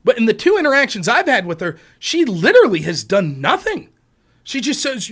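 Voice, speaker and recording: A man's voice: very high voice, wildly swooping pitch, a little fast, fairly bright tone, husky. A man hosting a political live stream, ranting in a profane, combative, sarcastic way. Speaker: livestream political commentator.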